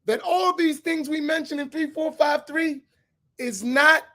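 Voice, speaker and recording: A man's voice: very high voice, unhurried, bright, forceful tone. A man speaking as an imam, giving an emphatic lecture-style sermon and repeating his key points. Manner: asks for slides to be put up.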